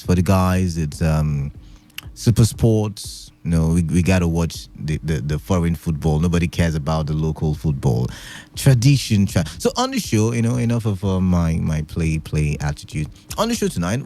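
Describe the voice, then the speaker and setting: A man's voice: low voice, warm tone. A man hosting an evening radio show in a studio, chatty and playful, rambling with lots of fillers. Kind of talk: casual radio talk. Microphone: studio microphone.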